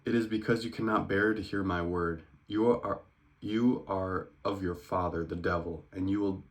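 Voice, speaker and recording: A man reading the words of Jesus aloud from scripture in a plain, earnest way, close to his own voice, sometimes quickening. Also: low voice, fairly even intonation, lightly acted. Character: Jesus, grown man, calm teacher.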